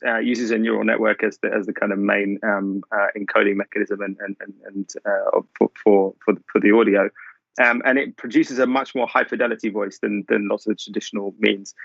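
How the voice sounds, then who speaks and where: Male panelist, halting delivery, dry close lo-fi audio. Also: fairly low pitch, vocal fry, a bit bright, dry recording. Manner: halting, many fillers and restarts. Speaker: panelist from a broadcaster's tech team. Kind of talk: remote panel discussion.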